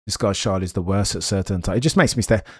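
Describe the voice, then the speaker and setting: A young man streaming live race commentary, chatty and animated, with excited bursts and muttered asides. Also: on the low side, fast, slightly rough, no echo, studio quality.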